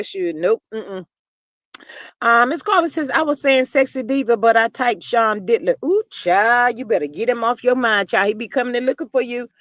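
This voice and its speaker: A woman hosting a casual gossip livestream, telling stories in a folksy, animated way and reading viewers' comments aloud. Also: a little high, no echo. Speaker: livestream host.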